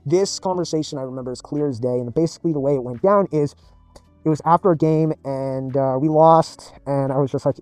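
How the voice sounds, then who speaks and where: A man's voice: on the high side, brisk, darkish tone, dry recording, faint music behind. A man telling a long personal gaming story in a rambling, emphatic way. He repeats himself and swears often. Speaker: gaming video creator.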